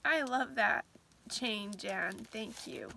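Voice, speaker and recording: A woman vlogger chatting casually, gushing and sentimental as she talks, sometimes reading aloud haltingly. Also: fairly high pitch, expressive, creaky, background noise. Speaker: vlogger host. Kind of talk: casual vlog chat.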